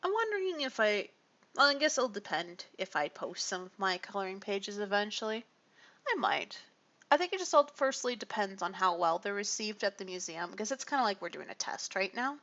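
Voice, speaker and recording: On a livestream, a tired woman chats casually with viewers, rambling, apologizing, sighing often and giving small laughs. Her mid-range voice is very animated, brisk and fairly bright, though the audio is dull.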